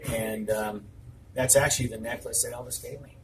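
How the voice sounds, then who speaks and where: A man's voice: medium pitch, steady tone, normal speed. An older man who runs a restaurant, telling anecdotes to an interviewer in a rambling way, full of fillers. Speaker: restaurant owner. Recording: noisy room ambience.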